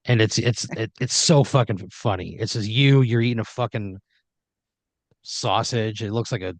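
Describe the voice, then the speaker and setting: A man tells an improvised story in second person, rambling with lots of fillers and asides. His voice is on the low side. The recording is dry, with no room sound. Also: moderate pace, dry recording. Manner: rambling, lots of "like" and "you know". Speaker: host running the improv story.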